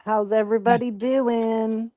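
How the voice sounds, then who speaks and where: A woman co-host in casual chat, talking quietly and relaxed while lying in bed. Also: fairly high pitch, a little slow, dry recording.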